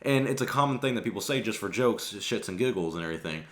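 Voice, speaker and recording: A man's voice: fairly low pitch, animated, fast talker, a bit bright. A man hosting his own channel, talking casually in a rambling, profane, offhand way. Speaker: channel host. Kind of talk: casual vlog rant.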